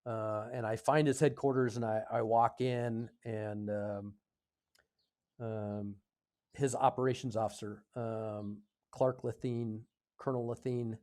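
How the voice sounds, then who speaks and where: An American man in his fifties, a podcast guest telling a story in a casual, halting way, with many fillers and self-corrections. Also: fairly low pitch, fairly even intonation, a little mellow. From United States. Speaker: podcast guest, retired Air Force officer.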